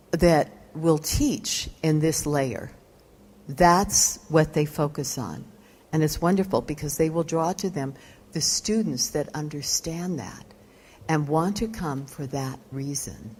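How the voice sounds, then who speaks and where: A woman's voice: low-pitched, darkish tone, breathy edge. A woman yoga teacher giving a live lecture, explaining terms and putting questions to her audience. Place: retreat lecture room.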